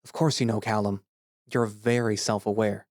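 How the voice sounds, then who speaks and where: A man's voice: level tone, moderate pace, darkish tone, no echo, studio quality, natural voice. A man voicing a cold, jealous young male anthro who speaks in terse, bitter, growling lines, read as a dramatic audio story. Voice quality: low, growling. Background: background music.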